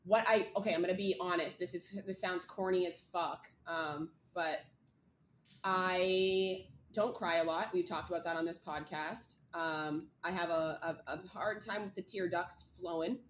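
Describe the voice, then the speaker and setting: Candid young woman, low voice, echoey room. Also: fairly even intonation, measured pace, a little hiss or hum. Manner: candid, rambling, lots of "like". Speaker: podcast co-host. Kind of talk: casual chat.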